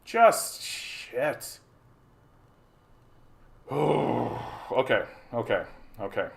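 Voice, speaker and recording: A man ranting at his live chat from a home streaming setup, heated and mocking, with a steady swear-laden delivery. His pitch sits in an ordinary middle range, and he keeps tripping over and repeating his words as the anger builds. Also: slow pace, creaky. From Canada. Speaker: livestream host. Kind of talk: angry rant to a live chat.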